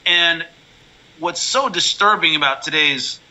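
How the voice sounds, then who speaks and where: A man talking as a guest in a casual interview, blunt and animated, telling stories with many restarts. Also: on the high side, unhurried, rough recording. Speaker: MMA color commentator, guest.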